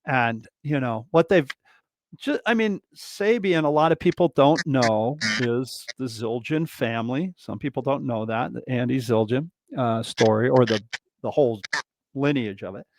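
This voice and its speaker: A man hosting a casual drummers' chat, telling stories in an animated way with many restarts. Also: medium pitch, normal speed, slight background noise. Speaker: host, drummer.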